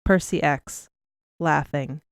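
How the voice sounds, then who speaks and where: A woman narrating an audiobook in an even, measured storytelling manner. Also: sits low, no room sound, studio quality. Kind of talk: scripted narration.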